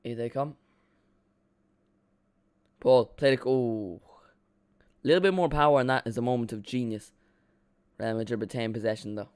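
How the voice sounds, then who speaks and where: A man gives loose, excitable play-by-play of a football match while chatting to his stream, often poking fun at himself. His voice comes across smooth and clear, at an ordinary pitch, recorded dry and close with no room around it. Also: moderate pace, long pauses, no room sound. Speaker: live watchalong streamer. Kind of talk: casual play-by-play commentary.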